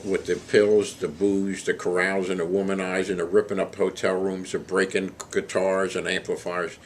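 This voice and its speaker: Deep-voiced man for an anecdotal storyteller who laughs at his own jokes, over a faint background hum. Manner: animated joke-telling, chuckling as he goes. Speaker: storyteller recalling a celebrity roast.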